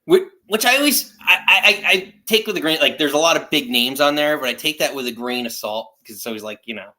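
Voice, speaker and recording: Bright-voiced man rambling about wrestling. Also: a little high, expressive, fast talker. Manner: rambling, many fillers and restarts. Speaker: podcast co-host. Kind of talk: casual wrestling chat.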